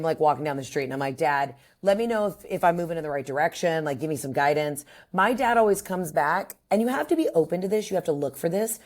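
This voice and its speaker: A woman comedian, a guest in a casual podcast chat, telling stories in an animated way and acting out what people said. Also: low-pitched. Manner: animated storyteller who acts out quoted voices.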